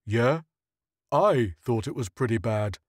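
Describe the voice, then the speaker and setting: A man's voice: medium pitch, lively intonation, takes it slowly, no room sound, clean studio sound, voice pushed down. A man voicing Charlesworth, a big, blunt, plain-spoken crewman in an audiobook story. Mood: rueful.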